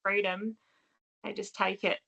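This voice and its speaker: A woman hosting a casual interview who asks gentle, encouraging questions. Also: mid-range voice, level tone, unhurried, creaky, husky, muffled recording. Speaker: interviewer, podcast host.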